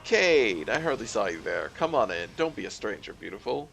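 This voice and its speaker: A man voices a wild-eyed, jittery drone dealer who gushes and fawns. His low voice swings widely in pitch and carries a thick gravelly rasp. Soft game music plays behind him. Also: very animated, moderate pace, full character voice. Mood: fawning. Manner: eager, fawning, stilted.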